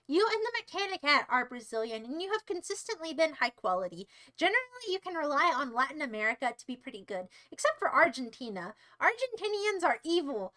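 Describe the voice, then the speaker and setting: A woman's voice: high-pitched, pushed and bright. A woman livestreamer chatting casually with her viewers, playful and teasing, putting on a mock-sweet tone. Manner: rambling, chats to viewers by name.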